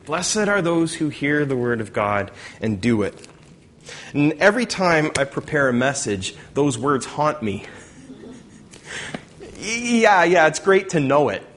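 A man's voice: medium pitch, a little hiss or hum. Conversational male pastor preaching. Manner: conversational, animated with dramatic emphasis. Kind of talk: sermon.

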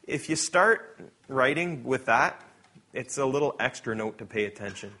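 A man preaching a sermon, reading scripture aloud and moving between loud, emphatic passages and quiet asides. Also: medium pitch, lively intonation, normal speed, husky.

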